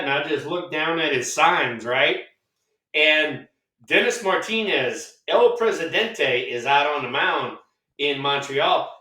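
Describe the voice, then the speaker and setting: Older man, co-host and raconteur, punchy bright voice, off-mic in a roomy space. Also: a little high, a little slow, recorded from a distance. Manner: animated storyteller who acts out dialogue, swears freely. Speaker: co-host, former baseball player. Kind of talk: casual storytelling chat. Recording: echoey room, off-mic.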